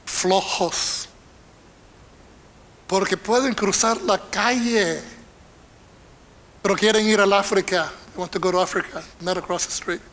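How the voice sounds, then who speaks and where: High, bright-voiced older bilingual preacher. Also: male voice. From Panama. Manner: switches between Spanish and English line by line, animated. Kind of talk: bilingual sermon.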